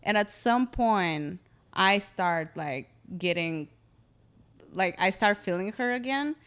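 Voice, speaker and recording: Woman, lively storyteller, smooth clear voice, mid pitch. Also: takes it slowly. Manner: animated, acts out quotes. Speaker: comedian guest. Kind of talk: casual storytelling chat.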